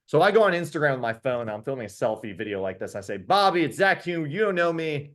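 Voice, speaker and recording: A man, a podcast host, telling stories in casual chat as a guest, animated and enthusiastic with quick restarts. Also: a little high. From New York. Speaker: podcast host being interviewed. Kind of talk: casual storytelling.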